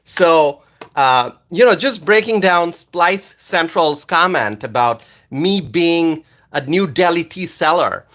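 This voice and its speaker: A man from Bangladesh, hosting a casual livestream and reading viewer comments aloud, animated and loud at times. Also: fairly high pitch, takes it slowly. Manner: animated, loud at times, with many fillers and repeated words. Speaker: livestream host reading chat.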